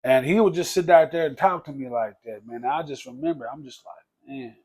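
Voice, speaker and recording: A man's voice: lively intonation, brisk, vocal fry, darkish tone. Casual man telling a life story. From Texas. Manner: conversational, peppers speech with "man" and "bro", drops low for quoted speech. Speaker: podcast guest.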